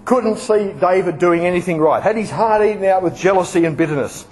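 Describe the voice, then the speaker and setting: A man preaching a sermon, lively, asking his listeners questions and acting out examples in front of a live audience. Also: high-pitched, a little fast, low-quality recording.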